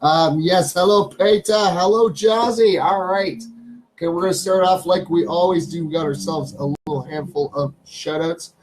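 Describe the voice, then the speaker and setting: A man's voice: fairly high pitch, moderate pace, background noise. A Canadian man hosting a casual live stream from his home studio. He chats loosely, repeats his phrases, and calls out to his pets.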